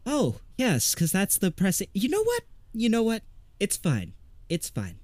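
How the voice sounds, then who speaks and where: Man doing a fussy, high-strung middle-aged podcaster. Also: huge pitch swings, measured pace, a little mellow, no echo, heavily acted. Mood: snippy. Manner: flustered, high-strung and snippy. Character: fussy mid-forties male paranormal podcaster.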